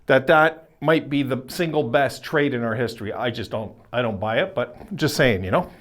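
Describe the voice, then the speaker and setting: A man's voice: medium pitch, normal speed, a bit bright. A man hosting a casual solo video, talking in a rambling, chatty way with frequent self-corrections and asides. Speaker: hockey video host.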